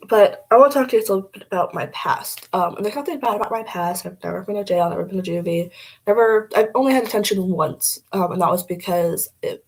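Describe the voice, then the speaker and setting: A woman's voice: medium pitch, darkish tone, breathy edge, poor audio. A young woman vlogging casually as she does her makeup, blunt and rambling, swearing freely.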